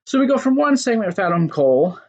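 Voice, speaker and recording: A man casually recapping a wrestling show, animated, acting out quotes and laughing along. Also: high voice, quick pace, dull audio.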